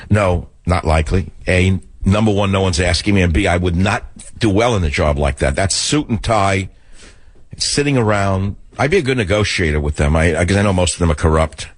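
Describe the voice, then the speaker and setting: A man's voice: low-pitched, animated, moderate pace, no room sound. An older man from the Bronx, rambling and sarcastic in a talk radio monologue. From the Bronx, New York.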